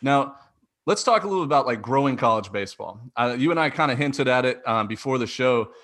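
A man with a medium-pitched voice, hosting a casual sports podcast interview. He talks with enthusiasm and leans on plenty of "like" and "um" fillers. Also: animated, a little fast, a bit bright. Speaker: podcast host.

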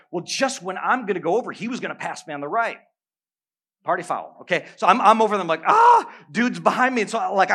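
A middle-aged male pastor preaching a sermon, telling a story with humor and animated bursts. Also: high-pitched.

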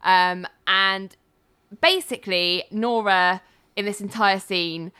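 A woman's voice: medium pitch, slow, smooth. A woman casually recapping a TV episode with a co-host, acting out the characters' lines as she goes. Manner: animated retelling with mimicked character voices. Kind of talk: casual chat.

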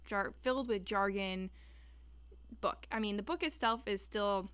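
A woman's voice: medium pitch, unhurried, fairly bright tone, clean tone. Young woman, podcast co-host, casual chat, rambly delivery. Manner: rambling, many restarts and fillers.

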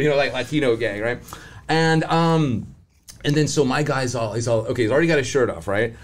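A man's voice: mid-range voice, fast. A man and criminologist guest, telling a story casually and animatedly, acting out voices and laughing often. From Southern California.

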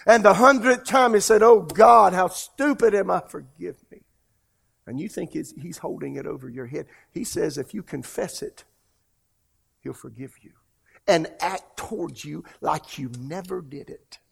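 A man preaching a sermon as pastor, telling stories and swinging between hushed lines and loud, emphatic ones. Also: a little high, lively intonation, normal speed, gravelly, husky.

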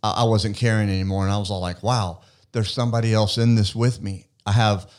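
A man telling his personal story earnestly in a relaxed podcast conversation. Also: lowish voice, brisk. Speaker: guest. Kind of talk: testimony in a faith podcast conversation.

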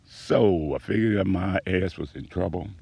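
A man delivering a rhythmic spoken-word monologue about a personal grievance, profane and aggrieved, swinging between low mutters and loud outbursts. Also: moderate pace, vocal fry, husky, no room sound. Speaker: storyteller recounting a personal grievance.

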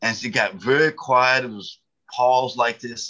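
On a low-quality recording, a Southern mountain man in his seventies, a guest being interviewed as an author, tells humorous, folksy stories packed with fillers. His mid-range voice is steady and unhurried, bright with a forceful tone.

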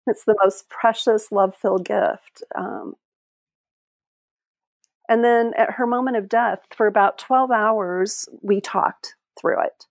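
A middle-aged woman telling a personal story as an interview guest, heartfelt and halting, often restarting her sentences. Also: mid-range voice, gravelly, dry recording, clean studio sound. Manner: halting, heartfelt, many restarts and trailing phrases. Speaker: interview guest, end-of-life caregiver.

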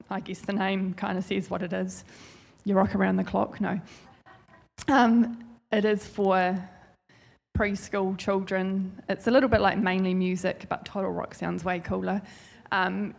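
Her voice is gravelly, medium in pitch, and darkish in tone. She is a church speaker giving a chatty, rambling, heartfelt informal sermon testimony.

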